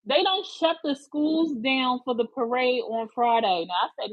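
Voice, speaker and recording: High husky woman, live-stream chat. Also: a little slow, no echo, dull audio. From Philadelphia. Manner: chatty, greets viewers by name, emphatic slang.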